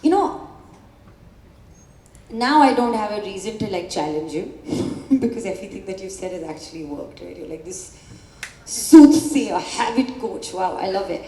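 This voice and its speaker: Mellow woman hosting on stage. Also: medium pitch, expressive, normal speed. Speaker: interviewer at book launch. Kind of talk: on-stage conversation. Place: event hall before an audience. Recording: echoey hall with light ambience.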